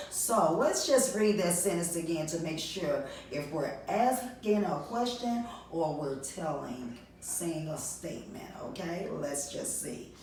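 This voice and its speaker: Teacher lady doing a kids reading lesson, slow and kinda low, sounds far off in a really echoey room. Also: darkish tone, slight background noise. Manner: encouraging, sing-song praise and call-and-response prompts. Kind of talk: recorded reading lesson for young children.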